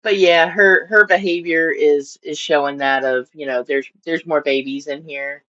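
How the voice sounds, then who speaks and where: A woman's voice: low-pitched, steady tone, normal speed, a bit bright. A woman chatting casually on a home live stream about her fish tanks, rambling and giving her fish silly voices. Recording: dull lo-fi stream audio.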